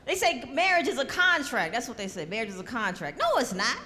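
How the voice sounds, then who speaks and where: A woman's voice: sits high, big pitch swings, a little fast, few pauses. A woman doing a stand-up comedy set with a sassy, emphatic delivery. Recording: live hall with crowd noise.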